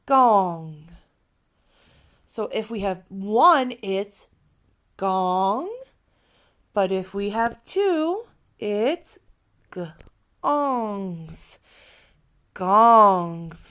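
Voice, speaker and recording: A woman teaching young learners, sounding out words slowly, prompting them to repeat and praising them often. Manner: slow, drawn-out teacher talk, lively pitch, praises and prompts. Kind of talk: children's online lesson.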